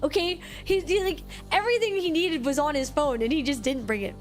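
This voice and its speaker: Young woman, high voice, animated streamer storytelling, chatty, faint music behind. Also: fairly quick. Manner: animated, excitable, lots of restarts and "like". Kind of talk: casual storytelling to stream chat.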